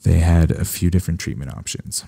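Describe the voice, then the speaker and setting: A man from Canada, a veterinarian hosting a solo podcast, talking casually with animated, sarcastic asides. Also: low voice, fairly quick, gravelly, breathy edge, no echo.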